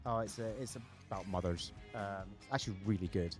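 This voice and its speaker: A man's voice: on the low side, quick pace, over music. A man co-hosting a casual podcast chat, rambling with lots of fillers and enthusiasm. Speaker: podcast co-host.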